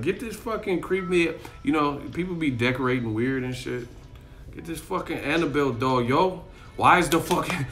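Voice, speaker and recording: A man's voice: medium pitch, fairly bright tone. A man chatting casually on a live stream, rambling, swearing and laughing often, talking to his chat. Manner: rambling, profane, laughs a lot, acts out voices. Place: in Miami.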